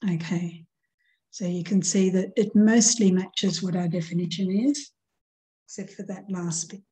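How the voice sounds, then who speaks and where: A woman's voice: lowish voice, a little slow, warm tone, poor audio. A middle-aged woman teacher giving a recorded grammar lesson, patiently walking through examples and counting out syllables.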